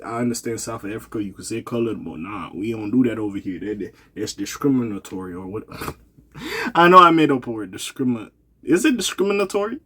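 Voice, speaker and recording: A man's voice: fairly low pitch, expressive, fairly quick, sharp tone, husky. A man giving casual, rambling vlog commentary, loose and slangy, laughing and correcting himself, tired and yawning. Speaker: commentary vlogger.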